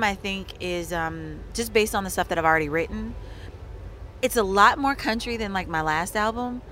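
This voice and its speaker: A country singer, chatting earnestly and excitedly as an interview guest backstage at a festival. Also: female voice, medium pitch, slight background noise. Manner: bubbly and earnest, with filler words like "like". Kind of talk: casual interview chat.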